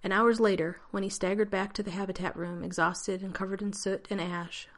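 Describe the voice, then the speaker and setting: A woman reading a story aloud in a steady, measured narration. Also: mid-range voice. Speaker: audiobook reader.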